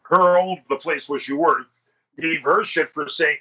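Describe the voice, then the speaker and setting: A male podcast host swaps crude, profane stories in casual chat. His voice is bright and a little husky. He talks a bit high, and the recording is dull and lo-fi. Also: measured pace. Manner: crude, profane storytelling, acts out quotes.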